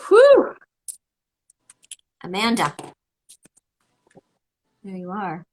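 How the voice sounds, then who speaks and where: A woman's voice: medium pitch, moderate pace, fairly bright tone, low-quality recording. A woman from Canada chatting casually on a livestream, joining over a video call and rambling a little with fillers. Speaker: voice actor signing autographs on a livestream. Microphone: remote video call.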